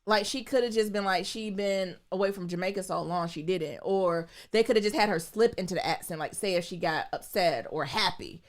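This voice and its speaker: A woman co-hosting a podcast, chatting casually in an animated, candid way and swearing freely. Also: mid-range voice, brisk, hardly any pauses. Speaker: podcast co-host. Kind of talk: casual chat.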